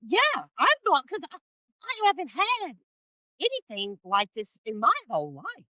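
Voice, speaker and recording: A woman guest telling a personal story in an interview, expressive and emphatic, acting out the voices she quotes. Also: high-pitched, measured pace, no echo, highs cut off. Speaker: podcast guest, spiritual guide. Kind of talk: animated storytelling in conversation.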